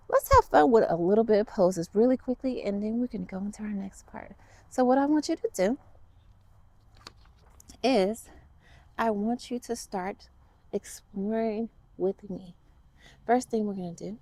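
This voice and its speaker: A woman's voice: on the high side, darkish tone, dry recording. A woman teaching a children's yoga class, guiding poses with upbeat, playful encouragement while moving along. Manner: talks along as she moves through poses.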